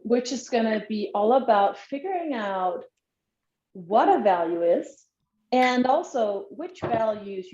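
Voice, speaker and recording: A woman leading a live online workshop, guiding a relaxing body exercise in a soft, encouraging way with sighs and ums. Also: on the high side, reverberant, muffled recording.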